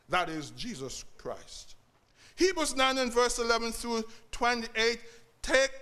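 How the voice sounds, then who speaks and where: A man's voice: very high voice, sharp tone. A man preaching a sermon to his congregation, repeating key phrases and calling out to the church. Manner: preaching with repetition and call-outs to the congregation.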